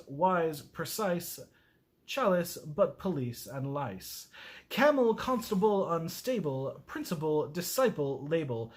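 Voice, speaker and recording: Man, slightly high voice, casual self-mocking reader who stumbles on words. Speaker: video host. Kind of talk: casual reading of a poem aloud.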